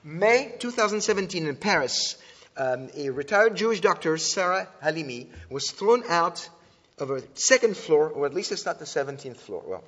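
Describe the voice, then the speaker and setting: A man with a somewhat raised pitch delivers an earnest talk to an audience, stumbling over restarts and filler sounds as he goes. The sound is dull and lo-fi, and a long reverb trails each phrase. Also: sing-song, measured pace, fairly bright tone. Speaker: speaker teaching about antisemitism.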